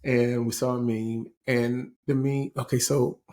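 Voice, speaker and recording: Man in his forties, podcast co-host, casual chat, animated storytelling, frequent laughter, mid-pitched. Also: a little slow. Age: 40s.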